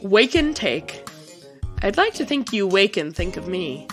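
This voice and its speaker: A woman's voice: medium pitch, sing-song, unhurried, a bit bright, faint music behind. A woman co-hosting a comedy podcast, chatting casually and joking, laughing often. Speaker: podcast co-host.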